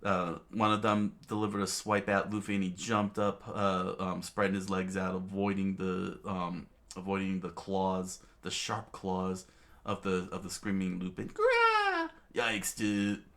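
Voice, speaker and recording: A man casually reading a comic aloud, halting with many fillers and restarts and chuckling now and then. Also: low voice, completely flat delivery, fairly bright tone. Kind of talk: casual read-aloud narration.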